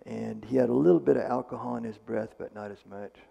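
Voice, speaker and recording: A man's voice: mid-range voice, brisk, vocal fry, dark tone. A man, a medical missionary speaker, retelling a testimony in a casual, conversational way with fillers and restarts, in a church hall. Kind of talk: storytelling testimony.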